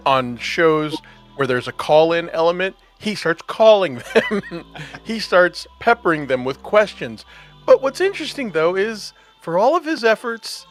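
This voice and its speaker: A man's voice: a little high, fairly bright tone. A man hosting a podcast in casual chat, enthusiastic and laughing often as he talks. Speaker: podcast host.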